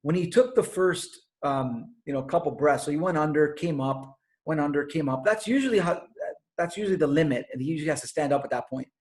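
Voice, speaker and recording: Storytelling man, fairly high voice. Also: fairly quick. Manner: storytelling, conversational with fillers. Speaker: speaker. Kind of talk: motivational talk.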